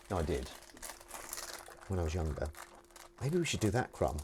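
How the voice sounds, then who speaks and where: This kitchen livestream host rambles and jokes as he washes up, reading comments from the chat aloud. He speaks in a fairly low, dark voice, animated and quick but broken by long pauses, with a little hiss or hum in the audio.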